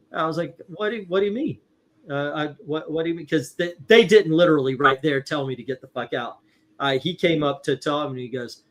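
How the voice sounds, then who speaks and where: A man's voice: fairly high pitch, normal speed. Rambling, profane middle-aged male storyteller. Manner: rambling anecdotes with many restarts, swearing, laughing. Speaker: livestream host. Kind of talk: casual chat, storytelling.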